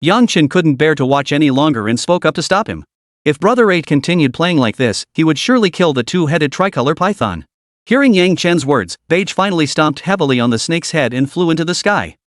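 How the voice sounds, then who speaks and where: A man's voice: a little high, big pitch swings, brisk, no room sound, clean studio sound. A man narrating a recap story in a dramatic, scripted style.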